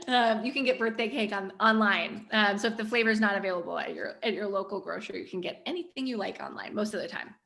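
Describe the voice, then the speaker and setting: A woman hosting a workshop, gently and playfully guiding a group through a mindful-eating ritual over a video call. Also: a little high. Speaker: workshop host.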